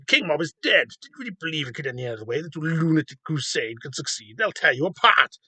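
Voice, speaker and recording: A man's voice: fairly high pitch, very animated, quick pace, pushed and bright, husky, no echo, full character voice. A man reading aloud the taunting lines of a gloating male comic-book villain.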